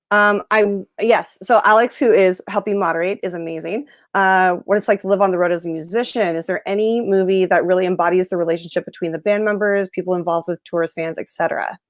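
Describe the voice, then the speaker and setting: A woman's voice: medium pitch, fairly quick, no room sound, studio quality. A woman hosting a podcast, chatty and often laughing, in casual talk. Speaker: podcast host. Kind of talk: casual chat.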